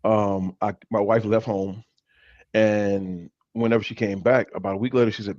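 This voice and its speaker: With a lowish, darkish voice, this man speaks at a normal speed and a steady tone as he co-hosts a church talk show. His personal stories are earnest and full of restarted sentences, captured in a dull, dry, lo-fi recording without echo.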